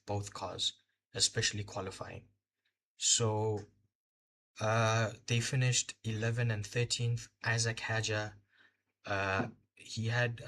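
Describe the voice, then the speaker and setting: A man's voice: lowish voice, fairly bright tone, a little hiss or hum. Tired, fumbling live-stream host, man. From Botswana. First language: Indian heritage, speaks Hindi. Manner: hesitant, many fillers, fumbling for words. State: tired, short on sleep. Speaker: host of a live race watch-along. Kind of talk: casual live-stream recap.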